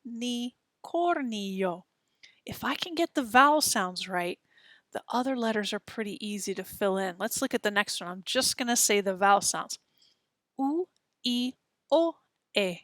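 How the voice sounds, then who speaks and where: A woman's voice: mid-range voice, lively intonation, moderate pace, a bit bright, no room sound, studio quality. A woman teaching a beginner Spanish lesson, patiently modeling sounds for students to repeat. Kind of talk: slow, clear textbook lesson.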